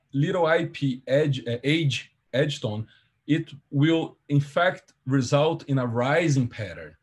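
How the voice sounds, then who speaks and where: A man giving an academic seminar talk at a medium pitch, with a husky edge to his voice. He explains carefully, pausing on fillers and correcting himself as he goes. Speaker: seminar presenter.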